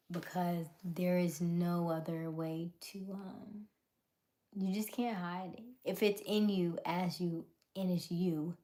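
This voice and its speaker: Woman host, slow unhurried pace, lowish voice, live chat with viewers, drifts into whispers. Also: steady tone, darkish tone. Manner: often drops to a whisper, laughs, greets viewers. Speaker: livestream host. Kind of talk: casual live chat reading comments.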